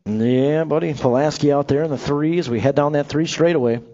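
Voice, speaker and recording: A man's voice: a little high, mellow, muffled recording. Upbeat man calling BMX races. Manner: upbeat, joking asides between rapid race calls. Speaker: race announcer. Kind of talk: live BMX race commentary. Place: outdoor BMX track over a PA.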